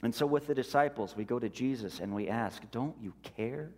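A male pastor delivers a sermon at a mid pitch, slow and deliberate, with his voice falling quiet on the words he stresses. Long reverb from a large church hall trails after each phrase. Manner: slow, deliberate, dropping softly on key words.

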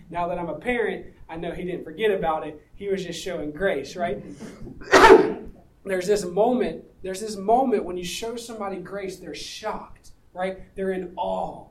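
Background noise runs under a sermon by a pastor whose voice sits high and moves at a normal speed. He reads from scripture, talks through its meaning casually and asks the congregation rhetorical questions.

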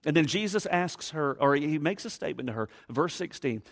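A man preaches a sermon with a fairly high voice for a man. He reads verses aloud and explains them, pressing hard on key words and then dropping to a hushed tone. He acts out the people he quotes. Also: brisk, hardly any pauses. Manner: expressive, acts out quoted voices, swings from loud emphasis to hushed tones. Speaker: pastor.

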